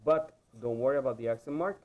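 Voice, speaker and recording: A man's voice: mid-range voice, quick pace, lo-fi sound. Patient man teaching a video lesson. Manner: patient, repeats "okay?" to check understanding. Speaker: Spanish teacher.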